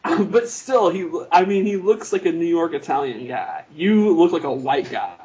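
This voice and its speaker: A man's voice: on the high side, animated, moderate pace, a little mellow, dull audio. A man co-hosting a podcast, teasing his friend in casual, jokey banter. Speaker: podcast co-host. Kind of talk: casual chat.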